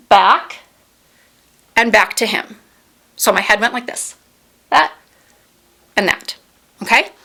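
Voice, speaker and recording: Woman, forties, beauty vlogger; bright, clear tone, heartfelt storytelling on the edge of tears. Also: mid-range voice. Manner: earnest, heartfelt retelling. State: close to tears. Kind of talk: storytelling while doing makeup.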